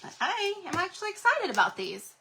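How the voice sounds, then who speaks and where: A woman's voice: extremely high pitch, huge pitch swings, fairly quick, vocal fry, bright, forceful tone, a little hiss or hum. Bubbly woman hosting a craft livestream. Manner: bubbly, gushing, chatty, talks to viewers in the chat. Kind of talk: casual craft livestream chat.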